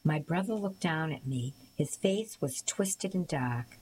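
A woman reading a novel aloud as an audiobook narrator, in a measured, even storytelling manner. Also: sits low, a little hiss or hum, low-quality recording. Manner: measured, even storytelling with occasional small slips. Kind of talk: scripted narration.

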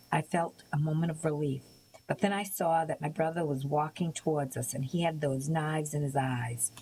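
Low-voiced woman narrating a story. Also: a little hiss or hum, poor audio. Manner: measured, even storytelling with occasional small slips. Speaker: audiobook narrator. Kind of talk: scripted narration.

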